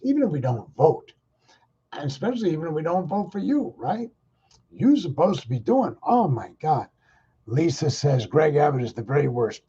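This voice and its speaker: A man's voice: a little high, mellow, breathy edge, muffled recording. A man hosting his own show, ranting in a rambling, exasperated, profane way. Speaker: podcast host. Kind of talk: casual ranting monologue.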